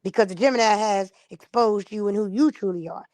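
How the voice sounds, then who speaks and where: A woman's voice: medium pitch, fairly quick, a little mellow, no room sound. A woman streamer in a casual live-stream monologue, blunt and profane, acting out the people she quotes.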